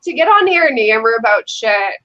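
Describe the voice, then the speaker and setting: A woman's voice: fairly high pitch, big pitch swings, fairly quick, a bit bright, muffled recording. A woman guest on an online chat, talking in a brash, profane, rambling way full of likes. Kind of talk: casual chat.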